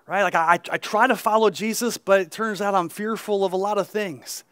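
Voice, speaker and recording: A male pastor preaching a conversational sermon at an outdoor service, peppering his reading with "right?" asides and quick restarts. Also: high voice, steady tone, fairly bright tone, clear, resonant tone, no echo, clean studio sound.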